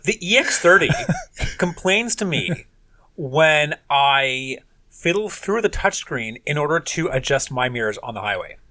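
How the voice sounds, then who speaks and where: Bright, animated male podcast co-host. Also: fairly high pitch, a little slow. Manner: animated ranting with profanity. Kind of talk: casual chat.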